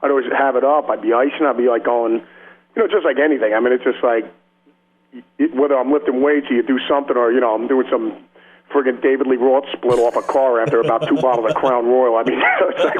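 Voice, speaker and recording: A man in a casual radio interview who rambles through his stories in slangy talk, laughs often, and plays the other people in them. His voice sits at an ordinary middle pitch. The sound is slightly dull, like radio audio. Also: fast. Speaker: rock guitarist guest.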